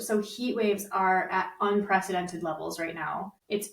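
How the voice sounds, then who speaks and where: A young woman co-hosting a podcast, talking in an animated, chatty way with plenty of fillers. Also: mid-range voice, measured pace, gravelly. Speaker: podcast co-host. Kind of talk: casual chat. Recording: roomy, slightly distant mic.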